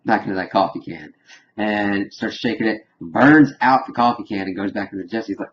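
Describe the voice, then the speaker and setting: A man giving a casual, rambling spoiler recap of a TV episode, animated and chuckling as he retells scenes. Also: fairly low pitch, moderate pace, muffled recording. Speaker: TV episode reviewer.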